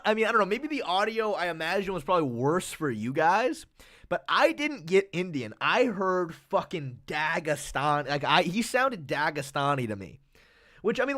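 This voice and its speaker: A man's voice: high voice, bright, forceful tone. A man from the USA hosting a livestream, chatting casually in a rambling, filler-heavy way and swearing freely. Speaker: livestream host. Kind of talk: casual chat.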